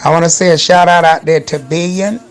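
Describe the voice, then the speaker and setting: Upbeat man giving radio shout-outs. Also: fairly high pitch, fairly even intonation, fairly quick, over music. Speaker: radio host.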